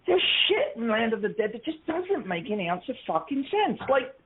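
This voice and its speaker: A man's voice: very high-pitched, sing-song, moderate pace, a crowd in the background. A man co-hosting a casual podcast, ranting and swearing, often restarting his sentences. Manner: ranting, swearing, self-interrupting. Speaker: podcast co-host. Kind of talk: casual chat. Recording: tinny phone-like line.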